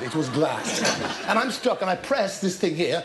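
A man, a talk show guest, telling lively anecdotes with laughter and acted-out scenes. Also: high voice, normal speed, very noisy. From Ireland. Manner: storytelling with laughter, acting out scenes.

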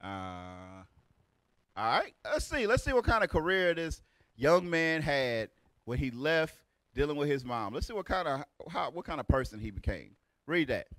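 Animated preaching man, dry close sound. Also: on the high side, normal speed, no echo. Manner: loud, rhetorical, repeats "right?". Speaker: teacher leading a lesson. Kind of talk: street preaching lecture.

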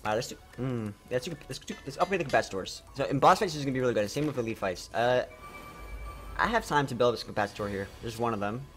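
Excitable man streaming a card game. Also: medium pitch, fast, soft background music. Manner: excitable, talks to chat, trips over words. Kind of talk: live gameplay commentary.

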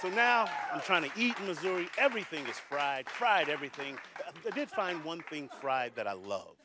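This live comedy club recording is very noisy, with a loud crowd and laughter around a man whose voice is a little high and who speaks at a normal speed. Performing stand-up before an audience, he spins animated stories full of jokey asides.

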